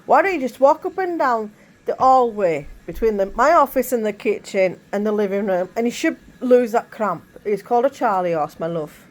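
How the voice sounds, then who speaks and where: A woman's voice: on the high side, lively intonation, normal speed, poor audio. A woman chatting casually in her bedroom, rambling with many asides. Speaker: vlogger. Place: bedroom at home.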